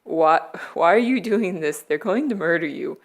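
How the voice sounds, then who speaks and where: A woman voicing a tough male action-movie cop, in a flat mock-tough way. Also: on the low side, moderate pace. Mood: baffled.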